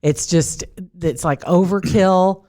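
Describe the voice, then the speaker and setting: A woman's voice: lowish voice, fairly even intonation, slow, dark tone. A middle-aged woman with a Midwest American accent, co-hosting a podcast in a studio, chatty and laughing often. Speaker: podcast co-host. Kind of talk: casual chat.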